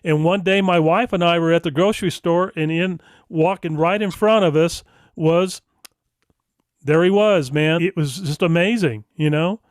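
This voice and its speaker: An older man hosts a radio interview in a relaxed, chatty way. His voice is fairly high for a man and sounds smooth and resonant. The recording is close and dry, with little room sound. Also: normal speed, no room sound. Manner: relaxed and conversational. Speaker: radio host. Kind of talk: casual interview.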